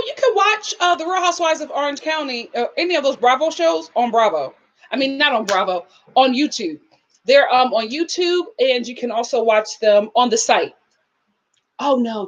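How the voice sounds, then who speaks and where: High-voiced woman chatting on a livestream. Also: dull audio. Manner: chatty, talks to her live chat, sings greetings. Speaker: YouTube reality-TV reviewer. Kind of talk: casual live-stream chat.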